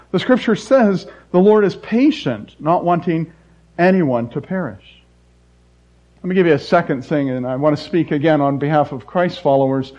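Pastor guy preaching, voice jumps all over, bit high, muffled lo-fi recording. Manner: animated, swings between loud emphasis and soft asides. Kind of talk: sermon. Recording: dull lo-fi recording.

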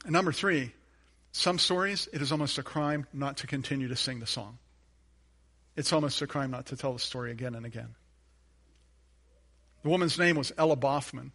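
A male pastor preaching a sermon, telling a personal story earnestly, repeating phrases for emphasis and dropping to a hushed tone on key points. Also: medium pitch, normal speed, pauses often, husky.

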